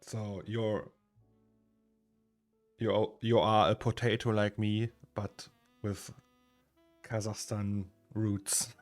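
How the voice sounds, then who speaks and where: A German man in his thirties chats casually on a live stream from his home studio, rambling, reading out chat names, and chuckling often. His fairly low voice holds a level tone, with drawn-out words and long pauses. Faint music plays in the background.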